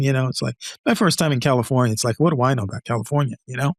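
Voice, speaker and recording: A man's voice: mid-range voice, very fast, few pauses, no room sound, studio quality. An older man, a retired engineer, telling stories as a podcast guest, acting out the voices of others and laughing often. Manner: animated storyteller, acts out dialogue, laughs often. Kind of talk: conversational storytelling.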